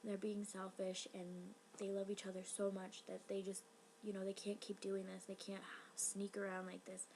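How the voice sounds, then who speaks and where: A woman reviewing a TV episode in a casual vlog, rambling and excitable, full of fillers. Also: mid-range voice, normal speed, creaky, slight background noise, rough recording.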